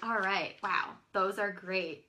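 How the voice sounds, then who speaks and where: A woman hosting a live online sales show, gushing and exclaiming excitedly as she presents each item. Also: medium pitch, takes it slowly, a little hiss or hum. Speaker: live-stream pearl seller.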